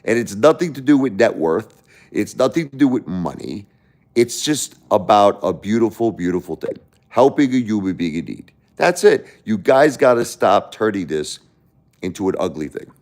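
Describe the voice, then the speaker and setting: A man's voice: fairly low pitch, moderate pace. A man hosting a live stream, ranting in a casual, indignant way and often restarting his sentences. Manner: animated, indignant, rambling with restarts. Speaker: livestream host.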